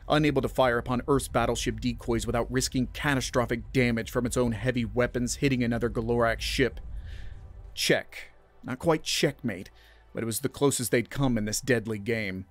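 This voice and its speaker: A man narrating a sci-fi audio story in a measured, dramatic storytelling manner. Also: medium pitch. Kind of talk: scripted narration.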